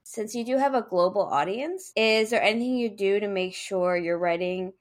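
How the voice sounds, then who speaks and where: A woman interviewing a guest, asking questions and summarizing what she hears in a calm, measured way. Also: mid-range voice.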